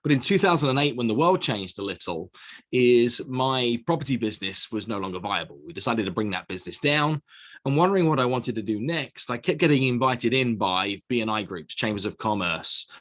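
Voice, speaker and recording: A middle-aged man with a mixed British and American accent, telling his story as a podcast guest, lively and full of restarts. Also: mid-range voice, brisk. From United Kingdom. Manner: animated storyteller with frequent repeated words and restarts. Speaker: guest, sales speaker. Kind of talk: conversational podcast interview. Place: small office studio.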